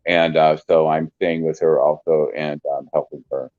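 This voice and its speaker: A man guest speaking earnestly and warmly about his holiday plans, halting with fillers. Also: very deep voice, flat delivery, no echo, narrow, tinny audio. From Peoria, Illinois area. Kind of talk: casual chat.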